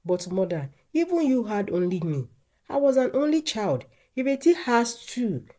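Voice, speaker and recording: Storybook: a woman playing a patient husband, even and reassuring. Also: fairly high pitch, moderate pace, pitched above the performer's own voice. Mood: calm. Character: calm, reasonable husband and son, man.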